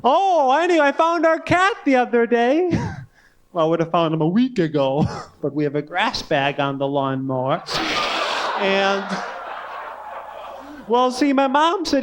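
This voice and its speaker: A man doing a stand-up comedy set in a club, with an odd sing-song delivery that leaps around, little giggles and a slow, halting, childlike way of telling stories. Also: sits high, very animated. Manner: slow, halting, wide-eyed childlike storytelling. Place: comedy club stage with audience laughter. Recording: faint hiss on a 1980s club tape.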